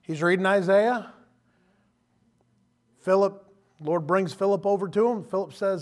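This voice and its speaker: Addressing his congregation in an animated, conversational way, this preacher uses a high-pitched voice and takes an unhurried pace with frequent pauses. He drifts into quoted voices as he preaches.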